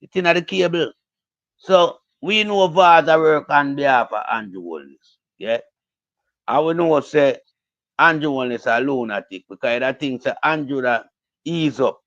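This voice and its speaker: A man with a Jamaican accent rants heatedly about politics, circling back over his points and slipping in and out of Patois. His voice sits a little high for a man. The recording sounds dull and lo-fi. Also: measured pace, fairly bright tone. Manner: heated, repetitive, speaks Jamaican Patois mixed with English. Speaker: political commentator. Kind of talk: casual political rant.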